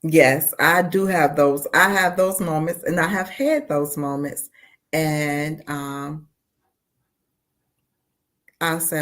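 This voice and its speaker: A woman's voice: sits low, animated, slow, pauses often, fairly bright tone. A woman being interviewed as a community advocate, speaking in a heartfelt, earnest way and often saying "you know.". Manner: heartfelt, repeats "you know", voices her own thoughts aloud.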